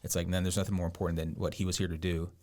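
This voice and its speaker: A man's voice: deep voice, flat delivery, rapid-fire, darkish tone. A man co-hosting a podcast, speaking casually and emphatically, tagging rhetorical questions onto his points. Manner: emphatic, asks rhetorical "right?". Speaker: podcast co-host. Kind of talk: casual chat.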